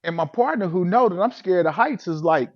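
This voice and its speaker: Guy, high voice, telling a comedic story about himself and acting it out, kinda muffled lo-fi sound. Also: brisk. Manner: animated, acts out his own reactions. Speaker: vlogger telling a personal story.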